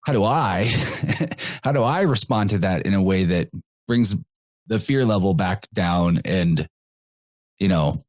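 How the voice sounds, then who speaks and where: A man's voice: deep voice, lively intonation, takes it slowly, pauses often, dry recording. A man hosting a casual podcast talk, rambling a little and laughing between phrases. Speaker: podcast host. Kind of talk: casual conversation.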